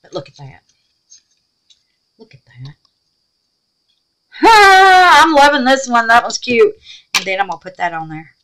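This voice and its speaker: Animated woman crafting. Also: a little high, a little slow, pauses often, poor audio. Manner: animated and exclamatory, calls viewers babies. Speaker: craft tutorial host. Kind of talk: chatty crafting tutorial.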